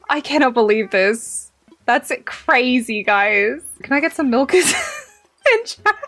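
A young Australian woman chatting over a game as a streamer, excitable, swearing freely and laughing often. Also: on the high side, slow pace. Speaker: gaming streamer. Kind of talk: casual game commentary.

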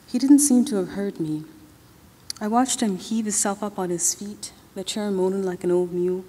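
A woman's voice: mid-range voice, moderate pace, dark tone, husky. Woman reading aloud in a ringing hall. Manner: first-person narration in loose, drawling colloquial dialect. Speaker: author reading from her novel. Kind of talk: literary reading at an awards ceremony. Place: large ceremony hall. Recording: long-reverb hall.

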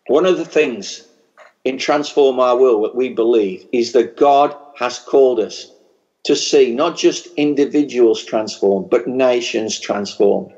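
Speaking in a mid-range, slightly mellow voice, a man from England preaches with fervor at a big church conference, his strong working-class regional accent clear throughout. This pastor's sermon shifts from a story into a stirring blessing, captured on a somewhat dull, muffled recording.

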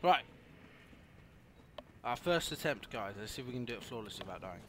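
A young man commentating his gameplay, swinging from mutters to furious shouted swearing with a lively, jumpy pitch. There's steady noise under his voice in the recording. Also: a little fast. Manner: swearing, frequent angry yelling outbursts. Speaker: gaming youtuber. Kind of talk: let's play commentary.

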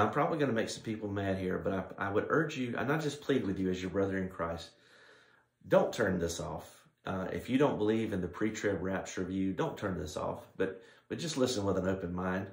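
A man's voice: sits low, reverberant. A man preaching a Bible-study sermon as pastor, teaching plainly and unhurriedly with frequent restarts.

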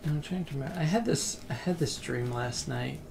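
Gravelly man chatting on a relaxed stream. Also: fairly high pitch, fairly quick, background noise. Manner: relaxed, rambling, reads chat aloud. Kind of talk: casual game livestream chat.

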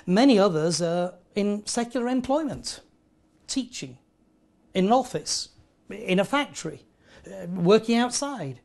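A man from England, preaching a sermon in an earnest way and telling stories with lively asides. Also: sits high. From northern England.

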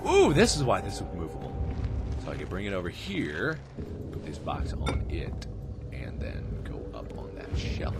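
A man's voice: sits low, huge pitch swings, normal speed. A man commentating a horror game let's play, jumpy and giggly, screaming at scares and muttering to himself in between. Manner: chatty self-talk, mutters and whispers between scares. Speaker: gaming video host. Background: game music.

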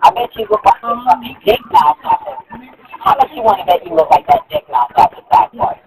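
A man with a very high, squeaky voice, swearing and shouting insults in online game voice chat. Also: wildly swooping pitch, fairly quick, gravelly, background noise. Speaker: online gamer. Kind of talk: trash talk over voice chat.

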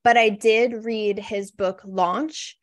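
A woman's voice: mid-range voice, fairly even intonation, slow pace, dry recording. A woman copywriter as a podcast guest in casual interview chat, frank and reflective, with many "you know" fillers.

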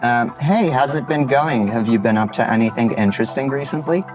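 A man speaking casually and hesitantly, with repeated starts as he makes requests. Music plays clearly behind him. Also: mid-range voice. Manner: hesitant, halting. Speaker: tester.

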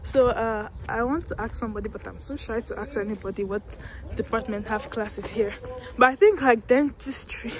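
A woman's voice: a little high, normal speed. Chatty young woman on a walking campus tour. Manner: chatty, self-mocking, talks to viewers while walking. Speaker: vlogger giving a campus tour. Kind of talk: casual walking vlog. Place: outdoors on a university campus.

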